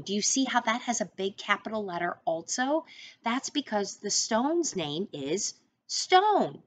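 A woman teacher reading a picture book aloud to young children, pausing to explain words and bursting into loud sound words. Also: medium pitch, very animated, no room sound. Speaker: first-grade teacher.

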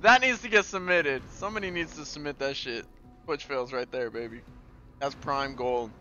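A man streaming a game and commenting live, excitable and profane, playfully taunting enemies and talking to his chat. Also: mid-range voice, normal speed, muffled recording, faint music behind.

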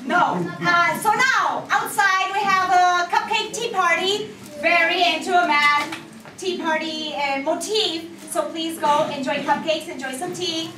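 A woman teacher giving brisk, practical announcements to the audience after a school show. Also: very high voice. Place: school hall stage before an audience. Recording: echoey hall, mic far off, crowd and noise.

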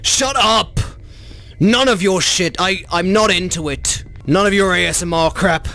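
A gaming YouTuber playing a VR horror game, chatty and swearing, who talks to the monsters in a mock bro voice and shrieks when scared. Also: male voice, high voice, a little slow, pushed and bright. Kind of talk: comedic VR horror let's play.

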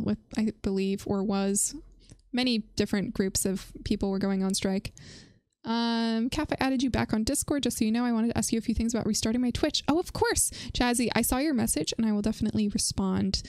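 A woman's voice: medium pitch, fairly even intonation, brisk, a little mellow, no echo. A woman hosting a casual livestream chat, answering chat messages and laughing often as she talks. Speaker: livestream host.

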